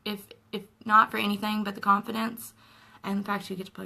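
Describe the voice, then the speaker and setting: A young woman talks through her makeup routine in a chatty, earnest way. Her voice is bright and forward, with a lot of vocal fry at the ends of phrases. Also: mid-range voice, flat delivery, a little fast, poor audio. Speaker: makeup vlogger. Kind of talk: casual makeup tutorial chat. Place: at home.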